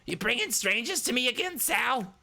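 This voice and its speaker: A man voicing a skinny young male hacker who is jumpy, suspicious and swears loudly. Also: extremely high pitch, sing-song, normal speed, vocal fry, pitched above the performer's own voice, exaggerated voice.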